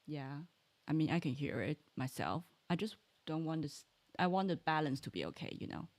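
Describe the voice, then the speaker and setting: A woman gaming streamer offers casual let's-play commentary while playing a video game, thinking aloud and trailing off mid-sentence. Her voice sits low with a sing-song lilt at a moderate pace, and there's no echo.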